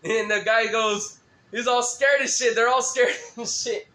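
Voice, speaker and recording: A man's voice: very high voice, fairly even intonation, unhurried, sharp tone, reverberant. A man rambling through a profane, laugh-filled story on a live stream.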